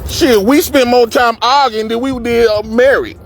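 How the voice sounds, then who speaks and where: A man casually telling a profane, animated story and acting out the people he quotes. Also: very high voice, moderate pace, slight background noise. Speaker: podcast host telling a story.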